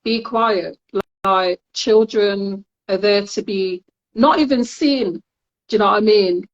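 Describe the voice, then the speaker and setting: On dull audio, a woman with a Nottingham accent tells stories slowly in a mid-range voice. She's a chatty podcast co-host from Nottingham, England, who laughs a lot.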